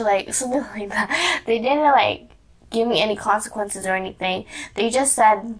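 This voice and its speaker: A woman's voice: a little high, moderate pace. Rambling young woman telling a story. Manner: rambling, lots of "like" and restarts, giggly. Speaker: vlogger. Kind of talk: casual storytime chat.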